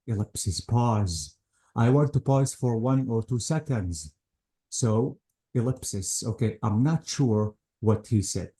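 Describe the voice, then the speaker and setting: A man's voice: lowish voice, warm tone. A man teaching an English grammar lesson, patiently repeating points and checking that the student follows.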